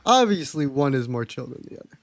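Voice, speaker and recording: A man's voice: mid-range voice, very animated, fast talker, no echo. A young man streaming live, telling stories from his life in a chatty, candid way and swearing freely. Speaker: livestreamer. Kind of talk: casual storytelling to a live chat.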